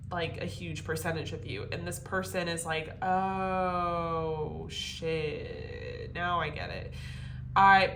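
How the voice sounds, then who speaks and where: A woman giving a casual tarot reading to camera, animated and profane, laughing often. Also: medium pitch, roomy sound, slight background noise. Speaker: tarot reader.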